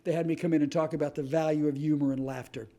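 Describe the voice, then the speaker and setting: Male host, mellow, fairly high voice, emphatic motivational storyteller. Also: fast. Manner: animated storyteller, punchy emphatic repetitions. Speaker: host and author. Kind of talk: motivational talk.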